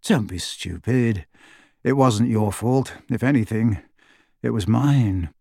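A man's voice: medium pitch, takes it slowly, vocal fry, mellow, no room sound, studio quality. A man voicing a determined teenage wizard boy who speaks bluntly and steadily, in a storybook reading.

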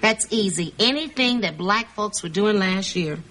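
An actress playing a sassy, breezy family friend who hands out advice and calls people honey and baby. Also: female voice, medium pitch, animated, normal speed, close to an everyday voice. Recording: sitcom audio with loud hiss.

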